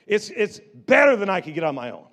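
A middle-aged pastor delivers a church sermon in a high, sing-song voice at a fairly quick clip. He stammers and restarts often, shifting between quiet storytelling and loud exhortation.

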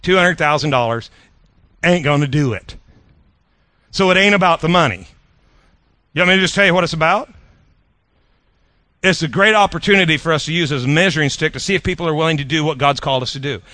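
A middle-aged male pastor preaching a sermon in an animated, joking way, often repeating his words. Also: fairly high pitch, brisk, pauses often, no echo.

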